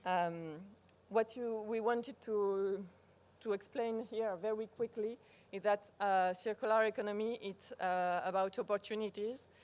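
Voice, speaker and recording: A woman with a French accent, a native French speaker, giving a live workshop presentation, pausing often to search for words and restarting phrases. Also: medium pitch, fairly even intonation, a little mellow. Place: conference workshop room.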